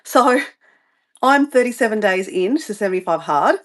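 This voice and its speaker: Animated and at a moderate pace, a mid-range female voice belongs to a middle-aged Australian vlogger streaming her morning routine. She rambles casually and keeps getting sidetracked answering what viewers comment.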